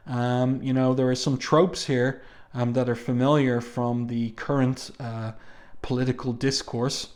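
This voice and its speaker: A man's voice: mid-range voice, a little mellow. A man reviewing an old comic book, reading its captions and speech balloons aloud and adding his own comments between them, with frequent ums. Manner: reads captions plainly, with frequent ums and asides.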